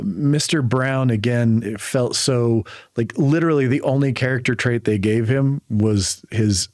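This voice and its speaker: A man's voice: medium pitch, a little mellow, dry recording, studio quality. A man co-hosting a podcast, talking casually about a film in a rambling way, with many restarts. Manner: rambling, frequent restarts and filler. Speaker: podcast co-host. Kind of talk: casual chat.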